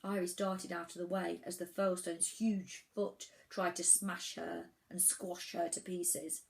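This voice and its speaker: A woman reading a children's storybook aloud, telling it in an animated way with the odd restart. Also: lowish voice, measured pace, gravelly, low-quality recording. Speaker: children's book reader.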